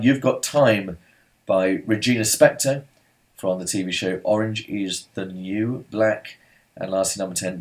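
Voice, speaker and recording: A man hosts a casual quiz, reading answers in a somewhat low voice. He talks in a loose, chatty way, full of ums and little side remarks. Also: darkish tone. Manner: chatty, rambling asides and filler-heavy. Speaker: pub quiz host.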